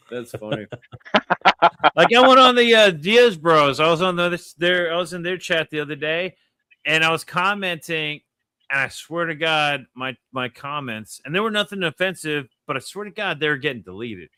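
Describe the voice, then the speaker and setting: A man's voice: on the high side, expressive, normal speed, sharp tone, smooth, no room sound. A man co-hosting a casual chat, blunt and profane. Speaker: co-host.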